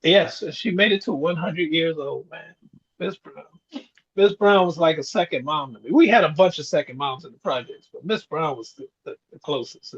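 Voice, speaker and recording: Here a man in his sixties, one of a podcast's co-hosts, reflects through stories in casual talk and chuckles a lot. His voice leans high with a breathy edge, at an ordinary pace. Recording quality is dull and lo-fi.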